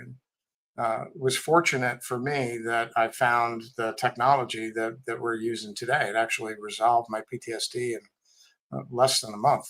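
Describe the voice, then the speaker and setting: A man's voice: medium pitch, fairly bright tone, rough recording. A middle-aged man, a Marine veteran and company head, telling candid stories in a casual podcast interview with a blunt, wry manner. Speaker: guest, tech company CEO and Marine veteran.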